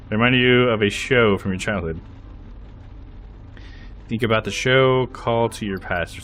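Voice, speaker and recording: A young man streaming a game, reading its text aloud with lively commentary and frequent laughs. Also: on the low side, normal speed, long pauses, slight background noise. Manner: lively, laughs often, reads narration aloud.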